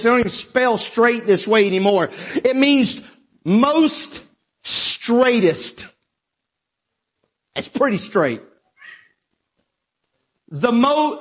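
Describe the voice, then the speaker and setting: A male preacher with a South Georgia accent delivering a sermon, swinging from shouted exhortation to low asides. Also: lively intonation, takes it slowly, pauses often. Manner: emphatic, rising to shouts then dropping low.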